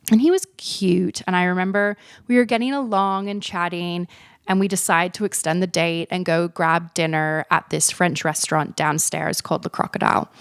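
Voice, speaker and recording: Frank, low-voiced woman podcaster. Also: fairly bright tone, dry recording, clean studio sound. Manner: frank, chatty, self-mocking, swears freely. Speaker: podcast host. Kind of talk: candid personal storytelling.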